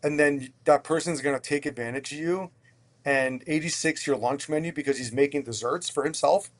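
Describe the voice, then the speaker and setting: Candid and animated, this Pennsylvania man, a restaurant owner guesting on a podcast, recounts his story while swearing freely. He frequently trips over and repeats words, and his slightly high voice moves at a moderate pace.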